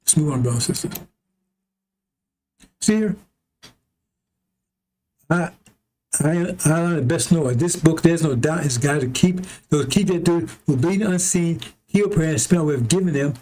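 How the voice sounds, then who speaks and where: A man's voice: a little high, normal speed, pauses often, warm tone, a little hiss or hum. A man giving a loose, rambling sermon to his followers, blunt and often laughing as he reads scripture. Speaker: preacher.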